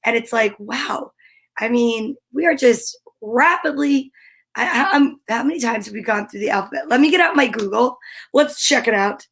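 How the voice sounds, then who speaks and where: A high-pitched woman hosting a casual livestream. She sounds bubbly and eager, chatting with her audience and reading out their greetings. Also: normal speed, slightly rough. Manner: bubbly and excitable, reads out viewer comments. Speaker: livestream story time host.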